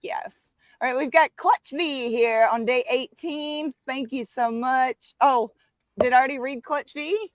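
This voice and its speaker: A woman with a high voice talks on a dry, close video call. She tells lively stories as a diet coach and drops playful little asides. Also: a little slow, dry recording. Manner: animated storyteller, playful asides. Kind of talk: casual live-stream chat.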